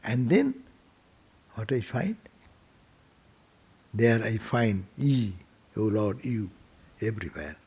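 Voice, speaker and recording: A man, a monk, giving a temple sermon, telling stories gently and asking his listeners rhetorical questions. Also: fairly low pitch, very animated, slow pace, long pauses, slightly rough. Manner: gentle storytelling, rhetorical questions, speaks softly.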